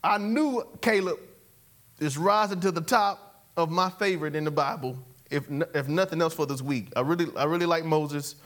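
A man's voice: fairly high pitch, normal speed, fairly bright tone. A male preacher giving a sermon, leading call-and-response with the congregation and repeating catchphrases as he exhorts them. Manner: exhorting, repeats catchphrases, chuckles between points.

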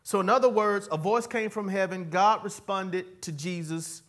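A pastor preaching a sermon in church, swinging from loud cries to quiet, folksy asides aimed at the congregation. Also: male voice, high voice, steady tone, normal speed. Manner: folksy, talks straight to the congregation.

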